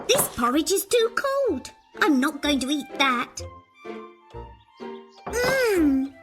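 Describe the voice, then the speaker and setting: A fussy, curious little girl from a children's storybook. Her very high voice bounces up and down at a slow, careful pace, with faint children's music behind. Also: pushed and bright, exaggerated voice. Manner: sing-song, exaggerated storybook delivery.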